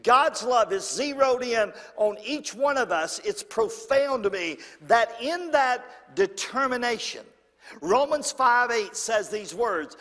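A man preaching a sermon in church, swinging from loud and high to hushed and low. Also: sing-song, slow, in a large hall. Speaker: pastor.

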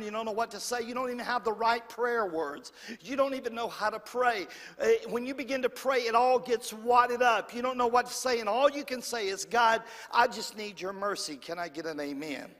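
A pastor with a very high, fairly bright voice preaches briskly to a congregation in a church hall. His style is preacherly and repetitive, repeating phrases and calling for amens, and the hall leaves a long reverb.

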